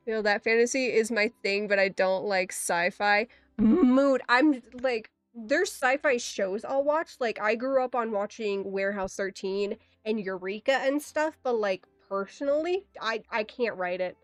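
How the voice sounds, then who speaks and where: A woman livestreamer chatting casually with her viewers, rambling with quick asides, giggles and playful exclamations. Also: mid-range voice, dry recording, soft background music. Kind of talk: casual rambling stream chat.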